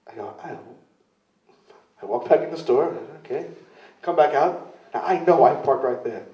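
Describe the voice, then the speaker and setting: This wrestler's mid-range voice is warm, with lively intonation at a normal speed. Interviewed casually at a club in London, he rambles through self-deprecating stories, imitating others as he quotes them, while the sound comes across distant, roomy, and dull.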